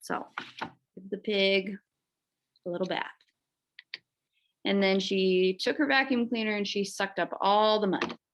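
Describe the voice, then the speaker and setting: A woman teacher reading a children's picture book aloud, expressive, adding little asides to young listeners. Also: mid-range voice, unhurried, pauses often, dull audio, slight background noise. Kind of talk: children's storybook read-aloud.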